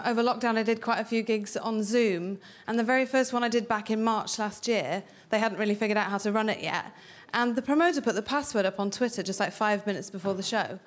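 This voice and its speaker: A woman from North Wales doing a stand-up set, chatty and cheeky, laughing through her punchlines. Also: on the high side. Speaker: stand-up comedian.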